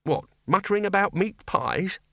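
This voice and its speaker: Casting: jittery wizard bursar, quick and fretful, read by a male narrator. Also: high-pitched, lively intonation, fairly bright tone, no room sound, clean studio sound, pitched above the performer's own voice. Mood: nervous. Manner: nervous, hurried.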